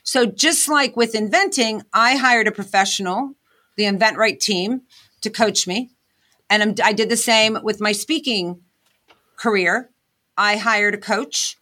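Bright-voiced woman, earnest storyteller. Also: mid-range voice, unhurried. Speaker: guest, inventor and aspiring speaker. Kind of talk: candid interview talk.

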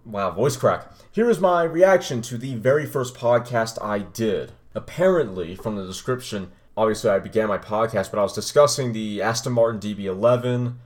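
Low-voiced man chatting on his podcast. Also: normal speed, hardly any pauses. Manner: rambling, chatty, reacts to his old recording. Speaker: podcast host. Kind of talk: casual solo podcast talk.

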